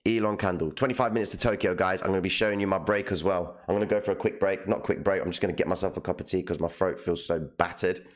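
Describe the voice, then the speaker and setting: A hoarse man hosting a live trading stream, talking passionately and checking in with "okay?" and "all right?". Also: deep voice, steady tone, fast, hardly any pauses. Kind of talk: live market commentary.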